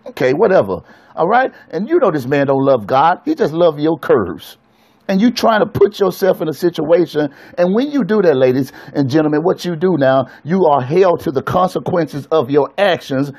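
A man's voice: high-pitched, darkish tone. A man, a pastor, preaching in an emphatic, colloquial way and speaking straight to his listeners on a live stream.

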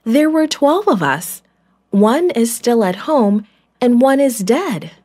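A woman's voice: sing-song, slow pace, darkish tone, heavily acted. A woman voicing a group of frightened grown brothers who plead anxiously, in a children's storybook. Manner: pleading, anxious, higher pitched.

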